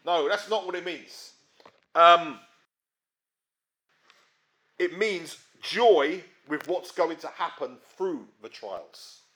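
A man preaching a sermon in a conversational way, often checking in with his listeners and swinging between emphatic rises and quiet drops. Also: a little high. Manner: conversational, frequent tag questions.

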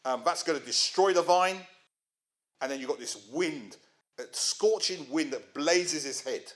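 A man's voice: a little high, animated, measured pace. A middle-aged man, preaching a sermon in a conversational way and asking his listeners questions. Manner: conversational, asks the audience rhetorical questions.

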